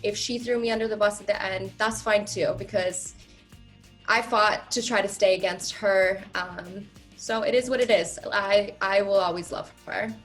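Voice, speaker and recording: A woman in her thirties giving candid, emphatic interview answers as a reality show contestant, often pausing on "um" and turning emotional, close to tears. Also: medium pitch, fairly even intonation, faint music behind. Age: 30s. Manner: candid, emphatic, many "um" fillers.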